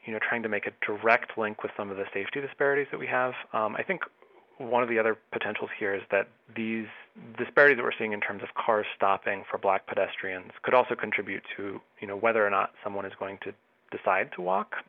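A man with a lowish voice speaks in a measured way, pausing on fillers as he explains his research. The sound is thin and tinny, like a phone line, with a dry close feel. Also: dry recording. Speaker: researcher, assistant professor of planning. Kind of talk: phone interview.

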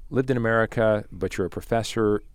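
A man's voice: on the low side, a little fast, no echo. A man interviewing a guest, asking short curious questions.

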